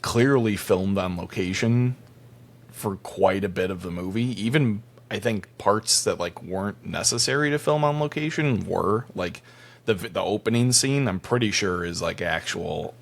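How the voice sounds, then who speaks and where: A man's voice: lowish voice, normal speed, creaky. A man from Chicago co-hosting a film podcast, talking in a rambling way full of "like" fillers. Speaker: podcast co-host. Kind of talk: casual film review chat.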